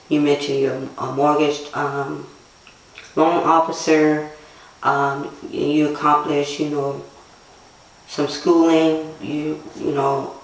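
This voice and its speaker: A man interviewing a guest, speaking slowly with hesitant pauses. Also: on the high side, a little hiss or hum. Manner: slow and even, with hesitant fillers. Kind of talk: interview questions. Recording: distant mic, very echoey room.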